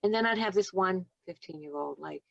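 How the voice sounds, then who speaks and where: A woman's voice: on the low side, fairly quick, vocal fry, no room sound, dull audio. A woman in her sixties, a nurse and doula, telling stories in a podcast interview, acting out the dialogue and laughing often. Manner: animated storyteller who acts out dialogue and laughs often.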